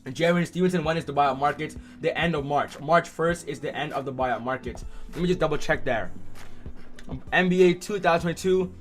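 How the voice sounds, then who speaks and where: A young man hosting a live sports stream, reacting excitedly and answering chat by name. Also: a little high, fairly quick, faint music behind. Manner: excitable, reads chat names aloud.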